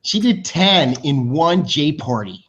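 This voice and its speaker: A man hosting a team video show, announcing awards with high energy, talking fast and restarting his sentences. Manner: energetic, hyped, talks fast with loose restarts. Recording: dull lo-fi sound.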